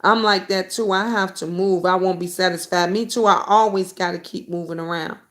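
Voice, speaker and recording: Speaking at normal speed in a fairly low voice, this middle-aged YouTube talk show host reads out viewer comments on her live stream. Her delivery is animated and outspoken, bouncing from comments to stories, with swearing thrown in freely.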